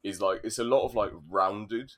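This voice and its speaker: A man's voice: lowish voice, fairly even intonation, normal speed. A young man with a West London accent, worn down by years overseas, co-hosting a casual podcast chat. He rambles, swears and laughs often. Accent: West London English, softened by living overseas. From England. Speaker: podcast co-host.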